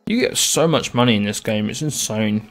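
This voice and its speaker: A man's voice: fairly low pitch, moderate pace. A man casually commenting while he plays a game on stream, with sarcastic and crude joking asides. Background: faint game music.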